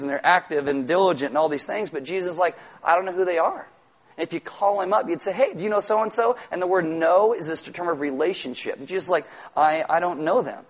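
A man preaching a sermon, animated, acting out quotes and at times shouting for emphasis. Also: high voice. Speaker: pastor.

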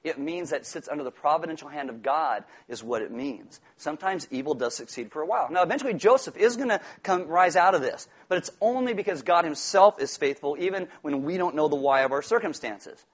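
A man preaching a sermon in an animated, joking way, acting out quoted voices. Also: on the high side, a little fast, hardly any pauses, breathy edge. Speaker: pastor.

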